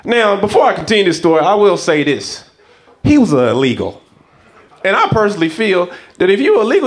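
Animated male stand-up comedian. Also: high voice, fairly quick. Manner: animated storytelling, acts out characters. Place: comedy stage before a live audience.

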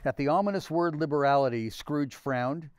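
A man volunteer reading a classic novel aloud in a steady, measured way. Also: on the high side, clean tone, no echo. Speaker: volunteer reader.

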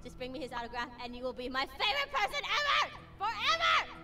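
A woman's voice: very high-pitched, fast. An actress voicing a manic, gleeful teenage girl who squeals and begs theatrically. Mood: pleading. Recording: game audio under music.

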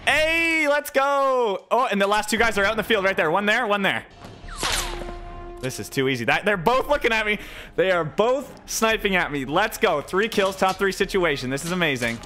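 A young man hosting a gaming channel, excitedly narrating his own gameplay and reacting out loud to every shot. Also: high voice, normal speed, over music. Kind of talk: live gameplay commentary.

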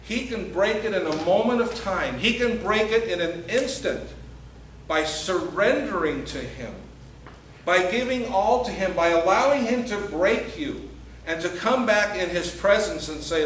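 Male pastor, high voice, unhurried, emphatic sermon delivery, echoey hall recording from a distance. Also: animated, fairly bright tone, slight background noise. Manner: earnest, emphatic preaching with acted-out quotes. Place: church sanctuary.

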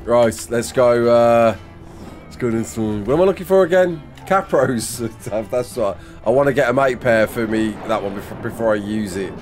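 A man's voice: mid-range voice, moderate pace, faint music behind. A man giving gameplay commentary, chatty and talking to himself, laughing at mishaps. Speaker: gaming YouTuber.

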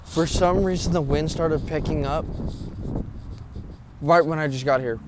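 A man's voice: on the high side, measured pace, noisy background. A young man vlogging alone from a cemetery at night, nervous and rambling, swearing often and short of breath. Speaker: paranormal vlogger. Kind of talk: casual vlog talk to camera.

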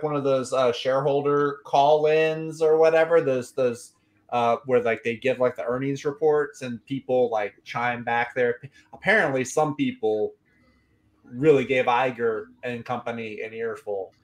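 A man's voice: medium pitch, fairly even intonation, unhurried. A man co-hosting a casual chat, talking loosely with many fillers. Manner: chatty, with fillers like "uh" and "like".

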